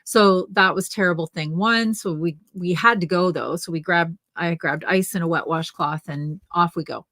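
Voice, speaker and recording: Older woman, low and dry. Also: normal speed, few pauses, a bit bright, no echo. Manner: chatty storyteller, restarts and acts out quotes. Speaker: co-host of a knitting livestream. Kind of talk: casual chat, telling a family story.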